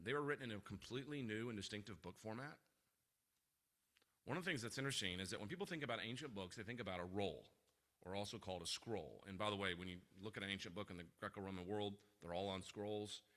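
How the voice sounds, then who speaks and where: A middle-aged man giving a lively teaching talk at a church retreat, acting out little quotes and restarting his sentences as he goes. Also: fairly low pitch. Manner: fast, animated, with frequent restarts and acted-out quotes.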